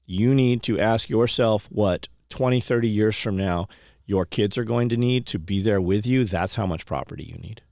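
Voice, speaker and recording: A low, gravelly man's voice, recorded dry and close with no room sound. He talks casually and bluntly, like a homesteading host urging listeners to go buy land. His delivery is plain-spoken and preachy, and he means every word. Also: moderate pace, a little mellow, no echo. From California, USA. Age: 30s or older. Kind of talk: casual motivational talk.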